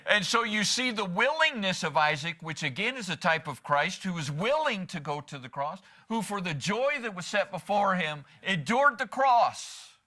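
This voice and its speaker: Bright-voiced man preaching a sermon. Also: sits high, very animated, normal speed, hardly any pauses. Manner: preaching with rhetorical questions and humor. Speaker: pastor. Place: church.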